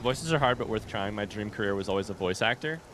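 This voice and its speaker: A man streaming a game live in a relaxed, rambling way, greeting chat and swearing casually. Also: lowish voice, fast. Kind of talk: casual gaming livestream chat. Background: game music.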